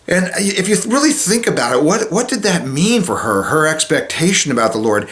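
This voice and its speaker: A man speaking as a chaplain, giving an informal devotional talk in a conversational way that drops soft and low at solemn moments. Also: sing-song, moderate pace, hardly any pauses. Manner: conversational, with many restarts and fillers.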